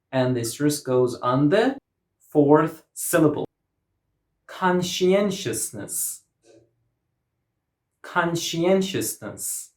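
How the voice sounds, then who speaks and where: Woman going over english word stress really slow, repeats every word, voice bounces up and down, echoey room. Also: low voice, warm tone. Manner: says each word several times, drawing out syllables. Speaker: English pronunciation teacher. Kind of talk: slow, careful teaching with repeated model words. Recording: roomy echo.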